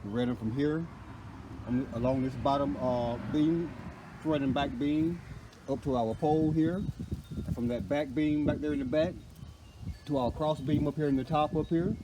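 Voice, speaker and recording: A man chats casually about his garden beds, repeating himself and leaning on the same friendly phrases. He is recorded outdoors in a front yard garden. Vehicles and general outdoor noise come through clearly behind his voice. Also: on the high side, fairly even intonation, moderate pace, dull audio. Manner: repetitive, folksy, says "indeed" and "you guys" often. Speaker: gardening channel host. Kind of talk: casual garden vlog narration.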